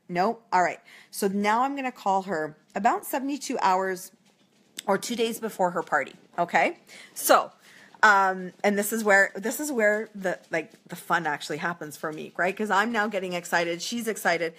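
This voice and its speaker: A woman's voice: medium pitch, normal speed, fairly bright tone. Woman sales coach, livestream, chatty and upbeat, mid-range voice. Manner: chatty and upbeat, acting out bubbly calls to a hostess. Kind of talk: casual coaching talk on a live video stream.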